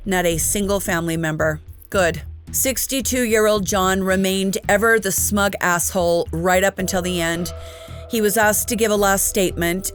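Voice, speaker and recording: A woman hosting a true crime show, telling the story straight to camera with candid personal asides. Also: medium pitch.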